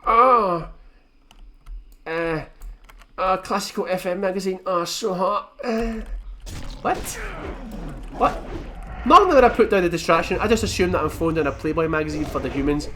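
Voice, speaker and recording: Guy rambling over his game, swears a lot, bright voice, bouncy, bit of hiss. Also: high voice, expressive, moderate pace, pauses often. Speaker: gaming video host. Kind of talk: casual game commentary.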